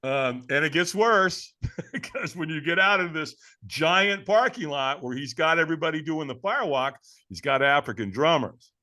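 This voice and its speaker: A man tells a personal story on a podcast with big swings in his voice, dramatic and often laughing. His slightly high, bright tone gives it a keyed-up edge, and he talks to the host like a buddy. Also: expressive, moderate pace. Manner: casual, addresses the host as man and brother. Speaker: podcast guest.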